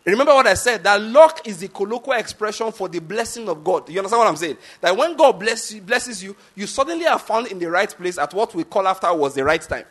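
Nigerian male pastor, 50s, high-pitched, emphatic sermon delivery with repeated questions to the congregation. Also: animated, fast talker, hardly any pauses, fairly bright tone.

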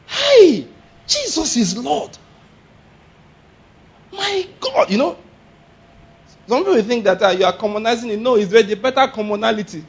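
A man preaching with animated energy, acting out little exclamations and laughing between points. His voice sits high and swoops widely, with a slightly husky edge. The recording sounds dull and lo-fi. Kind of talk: sermon.

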